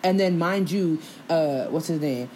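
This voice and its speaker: A young woman hosting a casual podcast, telling animated, profane stories and laughing through them. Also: deep voice, unhurried, a little hiss or hum. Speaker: podcast host. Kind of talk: casual storytelling chat.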